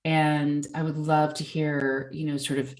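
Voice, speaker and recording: A woman interviewer with an exceptionally low-pitched voice. She frames her questions at length in an appreciative, conversational tone. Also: level tone, unhurried, a little mellow, poor audio.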